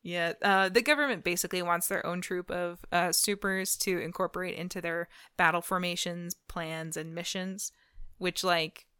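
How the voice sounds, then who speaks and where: A woman's voice: fairly low pitch, fairly even intonation, normal speed, pushed and bright, smooth, dry recording, studio quality. A woman co-hosting a podcast in casual chat, talking with lots of fillers and frequent laughs. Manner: chatty, laughs often, many fillers. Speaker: podcast co-host.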